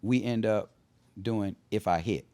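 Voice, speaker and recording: A middle-aged man, an R&B singer, telling stories casually in an interview and often imitating people's voices. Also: measured pace. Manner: animated storyteller who imitates people in high voices. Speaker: R&B singer guest.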